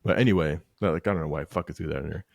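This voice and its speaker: A man's voice: extremely low pitch, very fast, vocal fry, no room sound. A man hosting a casual podcast, telling stories bluntly with plenty of swearing. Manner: blunt, swears freely, animated storytelling. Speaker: podcast host.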